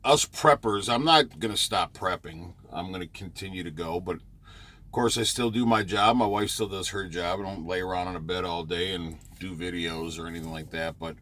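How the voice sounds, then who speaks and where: Low-voiced trucker rambling casually. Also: male voice, moderate pace, fairly bright tone. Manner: rambling, many fillers and restarts. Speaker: truck driver. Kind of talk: casual vlog chat. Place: parked truck near a truck stop.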